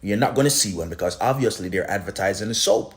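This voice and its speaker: Very deep-voiced sarcastic Caribbean man. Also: expressive, quick pace. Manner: sarcastic, indignant. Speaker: comedy skit creator. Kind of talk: storytime commentary.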